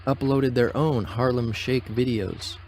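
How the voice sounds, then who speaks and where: A man narrating a scripted critical documentary in a measured way. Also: mid-range voice, loud music behind the voice.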